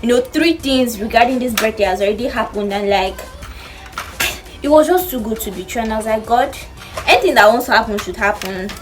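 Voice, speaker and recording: A woman's voice: a little high, brisk, music in the background. Chatty young Nigerian woman telling a story. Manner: animated storytelling, acts out quotes. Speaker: vlogger. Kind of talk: storytime chat.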